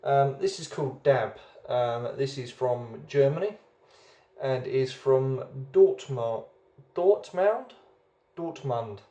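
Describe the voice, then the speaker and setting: A man's voice: medium pitch, slow, dark tone, roomy sound. A man hosting a casual beer review video, chatty and rambling, often hesitating as he goes.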